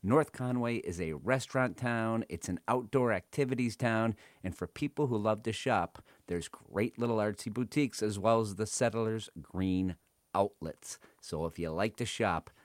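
A male radio host with a slightly low voice reads sponsor spots and jokes around with listeners. He is playful and self-mocking and breaks into sudden loud bursts. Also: moderate pace, no room sound, studio quality. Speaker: food radio show host. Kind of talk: radio show host reading ads and joking.

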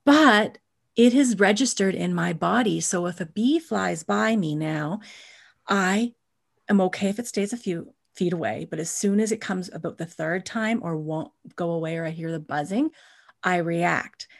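A woman's voice: on the low side, normal speed, creaky. Earnest woman explaining body responses. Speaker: podcast co-host. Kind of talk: casual chat.

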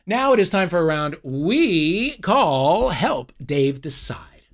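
A man hosting a comedy podcast game show, playful, with quick asides and the odd swear. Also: fairly high pitch, very animated.

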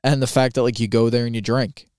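A man's voice: mid-range voice, steady tone, fast talker, darkish tone, smooth, no echo, studio quality. A man co-hosting a podcast, talking in a casual, blunt and argumentative way, with plenty of swearing. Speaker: podcast co-host. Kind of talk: casual chat.

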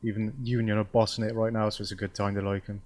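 A man's voice: on the low side, flat delivery, quick pace, darkish tone, a little hiss or hum. A man with a West Country accent in casual podcast chat, hesitant and full of fillers. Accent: West Country English. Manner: hesitant, many fillers, jokey. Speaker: podcast co-host.

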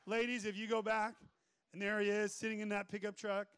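Male preacher, high voice, animated and joking, live room. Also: a little fast, a little hiss or hum. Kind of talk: energetic sermon. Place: room with an audience.

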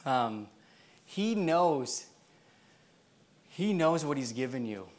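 A man's voice: mid-range voice, very animated, slow. A man preaching a sermon in a church, telling a personal story in a casual way, with many fillers and frequent laughs. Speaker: pastor.

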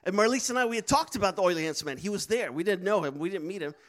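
Animated preacher, high voice. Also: male voice, very fast. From Netherlands. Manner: animated, laughing, acts out quoted voices. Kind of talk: storytelling sermon.

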